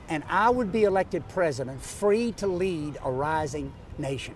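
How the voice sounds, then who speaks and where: A man in his sixties with a Louisiana Southern accent, a political candidate giving an emphatic campaign pitch in an interview, driving home his points with repeated lists. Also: animated, moderate pace, hardly any pauses, a little hiss or hum. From North Louisiana, USA. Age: 60s. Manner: emphatic, repetitive rhetorical lists.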